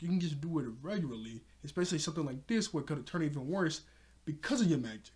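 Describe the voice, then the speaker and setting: A man's voice: fairly high pitch, fast talker, darkish tone. A man recapping a cartoon episode in a loose, rambling way, full of fillers like "like" and "you know", often chuckling. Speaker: TV show reviewer.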